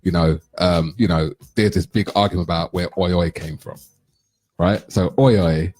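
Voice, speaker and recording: A middle-aged man hosting a radio chat, telling lively anecdotes and acting out what people said. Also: low-pitched, moderate pace. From London. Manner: animated anecdote telling, acts out quotes. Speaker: radio show host. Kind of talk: casual storytelling chat.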